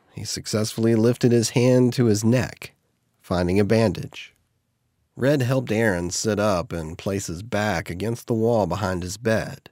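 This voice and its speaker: A man reading an audiobook in steady, measured scripted narration. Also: on the low side, dry recording, clean studio sound.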